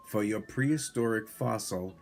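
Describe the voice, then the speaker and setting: A bossy cat mother calling after her muddy son, as a father puts her on. The voice jumps high and loud in a hollering scold. Soft music plays under the storybook reading. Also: moderate pace, vocal fry.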